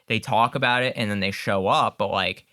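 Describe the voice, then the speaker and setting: A man's voice: on the low side, moderate pace, sharp tone. A man co-hosting a podcast in casual, rambling chat that leans heavily on filler words. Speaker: podcast co-host.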